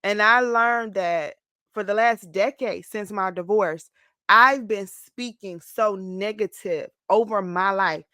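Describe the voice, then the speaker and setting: A woman around forty talking through a casual confessional vlog, expressive and emotional, close to tears at times. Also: mid-range voice, takes it slowly, no room sound. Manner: expressive, slips into mock-whiny voices when quoting her past self. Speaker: vlogger.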